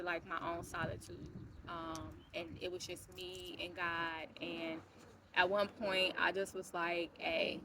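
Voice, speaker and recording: A woman's voice: fairly low pitch, sharp tone, a little hiss or hum. A woman telling a personal story in a casual, rambling way, full of fillers and restarts, frank enough to swear. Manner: frank, swears when irritated. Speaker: vlogger.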